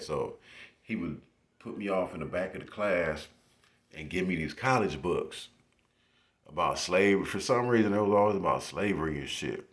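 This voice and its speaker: A man's voice: sits low, normal speed. A young man casually telling stories into his phone, swearing freely and laughing as he goes. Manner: profane, laughing, animated retelling. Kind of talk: casual storytelling.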